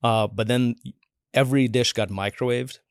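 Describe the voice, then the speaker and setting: A man's voice: mid-range voice, fairly even intonation, moderate pace, creaky, clean tone, no echo, clean studio sound. A man in his forties, a podcast guest telling stories in a casual, chatty way, acting out the voices he quotes and filling his talk with "like.". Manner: chatty, acts out quoted voices, many "like" fillers. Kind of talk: casual interview storytelling.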